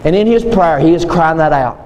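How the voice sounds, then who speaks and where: A man's voice: fairly high pitch, lively intonation, a little fast, a little mellow. A man preaching a sermon, retelling a story with passion and repeating his key phrases. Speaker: pastor. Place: church sanctuary. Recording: long reverb in a church hall, faint noise.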